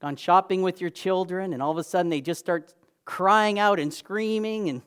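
A man delivering a sermon in an earnest, emphatic way, stacking phrases into lists and lifting his voice for stress. He sometimes pauses with fillers and restarts a phrase. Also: high-pitched. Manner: occasional fillers and restarts, clears throat. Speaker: preacher.

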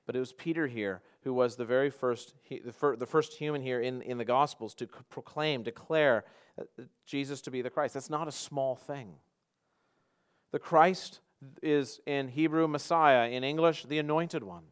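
A male pastor preaching a sermon, emphatic, swinging from loud passages to quiet ones, often repeating and restarting words. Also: medium pitch, moderate pace, clear, resonant tone.

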